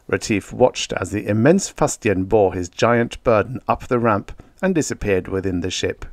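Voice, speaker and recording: A man's voice: fairly low pitch, expressive, measured pace, hardly any pauses, no echo, clean studio sound. A man reading a science fiction short story aloud as an audiobook narrator. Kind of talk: scripted narration.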